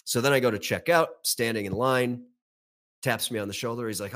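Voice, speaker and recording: A man's voice: medium pitch, a little fast, fairly bright tone. A male podcast co-host with a stuffy nose from a sinus infection, telling rambling anecdotes in casual chat.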